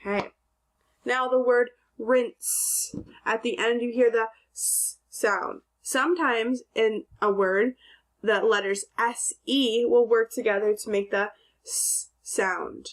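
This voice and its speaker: A woman teacher giving a recorded phonics lesson to second graders, sounding out words clearly and answering her own questions. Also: fairly high pitch, fairly even intonation, takes it slowly.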